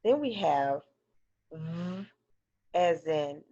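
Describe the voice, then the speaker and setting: Woman teacher, low voice, unhurried phonics drill for kids, dull lo-fi recording. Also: a little mellow, no echo. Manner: slow, clearly drilled word pairs. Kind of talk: phonics lesson for children.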